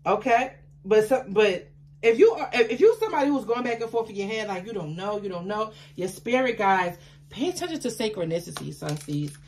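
A woman giving a tarot card reading to her viewers, chatty and affectionate, with excitable bursts of laughter and exclamations. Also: mid-range voice, a little fast, slight background noise. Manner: chatty, affectionate, calls listeners baby.

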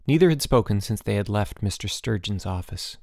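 A man narrating a children's novel as an audiobook in an expressive storytelling manner. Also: lowish voice, fairly quick, gravelly, dry recording, clean studio sound. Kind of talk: scripted narration.

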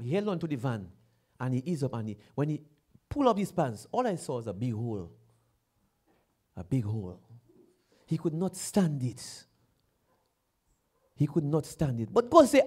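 High, lively preacher man. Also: breathy edge. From Dominica. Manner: repeats phrases, builds to loud exclamations. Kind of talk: sermon.

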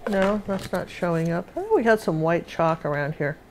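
A woman's voice: on the low side, very animated, normal speed, darkish tone, slight background noise. A woman teaching a live painting lesson, chatting and thinking aloud as she works.

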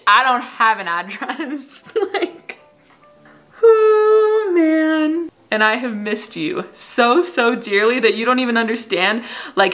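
A young woman vlogging a casual bedtime chat to camera at home, telling stories with laughs. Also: medium pitch. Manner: chatty, animated storytelling with laughs. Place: house she is house-sitting, indoors.

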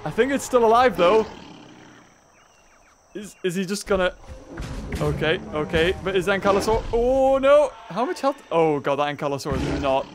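A British man commentating on a dinosaur park game, breaking into excited shouts and laughter. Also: sits high, moderate pace, pauses often, noisy background. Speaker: gaming YouTuber. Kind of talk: excited let's-play commentary.

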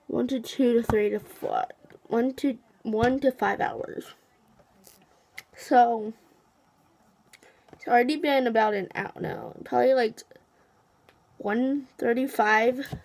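A teenage girl chatting to her camera with a numb mouth, a bit slurred and full of fillers. Her voice sits somewhat high with a gravelly fry running through it, over a faint hiss of background noise. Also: fairly even intonation, slow pace, long pauses, darkish tone. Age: teens. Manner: rambling, lots of fillers, counting aloud. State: mouth numb from dentist anesthetic. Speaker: vlogger. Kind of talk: casual vlog to camera.

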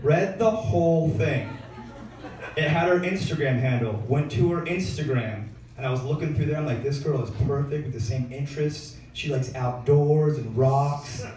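A man's voice: a little high, moderate pace, a little mellow. A young man performing a stand-up comedy set in a club, telling stories in a laid-back, slangy way full of fillers. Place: comedy club stage, live audience. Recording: echoey club room, heard from far off.

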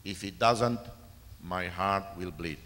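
A man from East Timor delivers a formal keynote in a low, measured voice, leaning on repeated words for emphasis. The sound carries the long reverb of a large university auditorium. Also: sharp tone. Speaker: keynote speaker. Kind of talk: formal speech with audience Q&A. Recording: reverberant lecture hall.

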